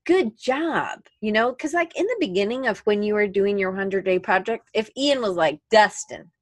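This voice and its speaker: A woman's voice: mid-range voice, animated, fairly quick, no echo. A woman co-hosting a podcast in casual chat, rambling and correcting herself as she talks. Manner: chatty, rambling, self-correcting. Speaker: podcast co-host.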